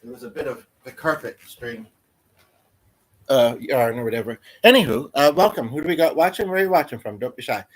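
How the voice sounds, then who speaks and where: A man's voice: mid-range voice, expressive, fairly quick, slight background noise. A man hosting a casual livestream, telling a meandering everyday story full of fillers and restarts. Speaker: livestream host. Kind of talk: rambling casual livestream chat.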